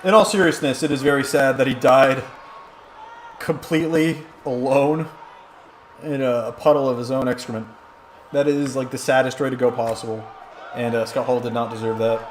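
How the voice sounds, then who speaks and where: A man with a mid-range voice calls a wrestling video game on a live stream at a moderate pace, rambling and cracking jokes through excitable play-by-play. There's a slight hiss or hum in the recording.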